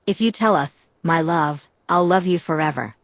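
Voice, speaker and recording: A woman's voice: deep voice, normal speed, no echo. A woman doing a sweet, coaxing young woman vampire.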